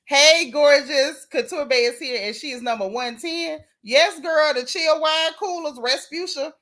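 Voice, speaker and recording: Animated woman dishing gossip. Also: sits high, a little slow. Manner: animated, reads chat comments aloud. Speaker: host. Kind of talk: casual gossip livestream.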